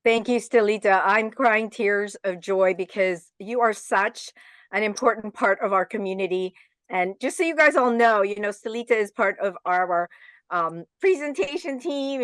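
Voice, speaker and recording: A woman hosts a community video call with an animated, bouncy delivery. She is effusive as she thanks speakers, and her voice sounds dry and close. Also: on the high side, dry recording. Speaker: host.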